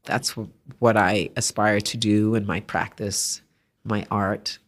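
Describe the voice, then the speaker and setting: A woman's voice: extremely low pitch, slow. A woman artist, a podcast guest, telling stories in conversation and acting out the voices of people she quotes. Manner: animated storyteller, acts out quoted voices. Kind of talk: interview conversation.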